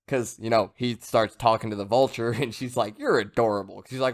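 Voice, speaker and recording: A man's voice: medium pitch, normal speed, hardly any pauses. A young man casually recapping a manga chapter, rambling with joking asides and lots of fillers. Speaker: manga reviewer.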